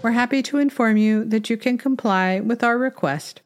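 A woman's voice: fairly high pitch, moderate pace, faint music behind. Woman narrating a satirical story.

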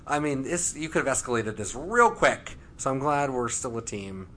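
A man hosting a casual, excitable chat about a TV show, swearing often and breaking into quick impressions. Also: medium pitch, slight background noise. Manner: excited, swearing, jumps between voices. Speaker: podcast host.

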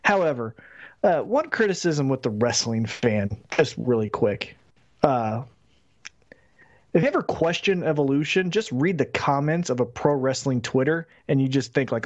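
A man's voice: a little high, very animated, unhurried, highs cut off. A man co-hosting a wrestling podcast, ranting emphatically and swearing a lot in casual chat. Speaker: podcast co-host.

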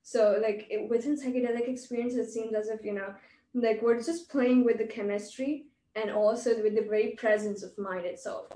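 Woman podcast host, mellow voice, thinks aloud, echoey room, mic set back. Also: fairly high pitch, fairly even intonation, normal speed. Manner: reflective, filler-heavy, speculative. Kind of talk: casual conversation. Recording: roomy, distant mic with faint ambience.

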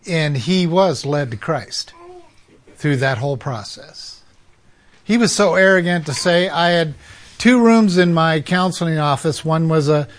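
Man telling a sermon story. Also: a little high. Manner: conversational, lots of "you know" fillers. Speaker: Christian counselor and speaker.

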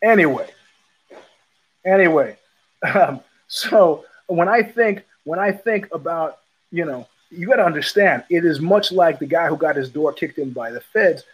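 Husky man hosting a blunt monologue. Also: a little high, expressive, measured pace, low-quality recording. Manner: blunt, profane storytelling with repeated phrases. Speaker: podcast host. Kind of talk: casual monologue.

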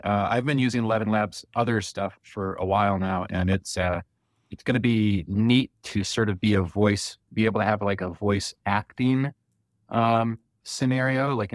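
A man with a lowish voice, speaking as a guest in a live chat. He rambles in a relaxed way, restarting his thoughts, and the sound is dry and close. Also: no echo. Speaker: panel guest. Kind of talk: casual live audio chat.

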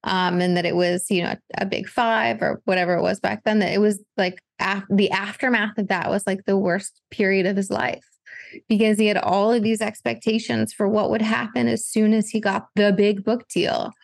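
A woman literary agent and author talking as a podcast guest, thoughtful and relaxed, dotted with filler words. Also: medium pitch, moderate pace, creaky, dry recording, studio quality. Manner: reflective, loose with fillers like "like". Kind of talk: casual podcast conversation.

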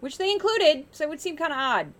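A woman's voice: sits high, sing-song, fairly quick, a bit bright. A woman hosting a podcast, giving sarcastic, exasperated political media commentary. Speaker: podcast host.

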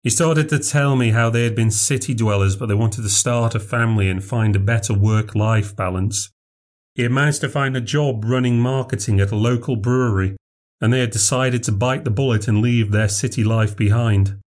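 A British man narrating a horror story in a steady, dry, measured voice. His pitch sits in the middle for a man. He reads the story as the podcast's narrator.

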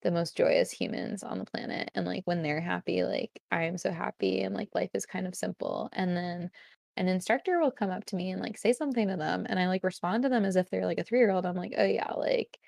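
A woman's voice: lowish voice, fairly quick, vocal fry, darkish tone, dry recording, studio quality. A young woman in a casual conversation as a guest, rambling and filling her talk with constant "like"s.

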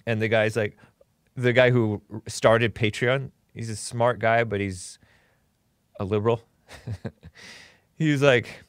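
A man's voice: lowish voice, steady tone, measured pace, pauses often, no room sound, studio quality. A man hosting a political call-in talk show, blunt and opinionated, rambling with sarcastic asides.

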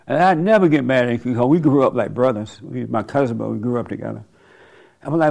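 A man's voice: mid-range voice, a little fast, vocal fry, darkish tone. A man hosting a casual, preachy monologue, rambling and colloquial, often laughing at his own remarks.

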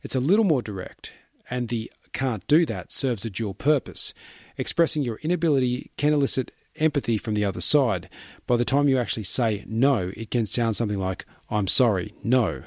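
A man reading a book summary aloud in steady, measured scripted narration. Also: medium pitch, no echo, studio quality.

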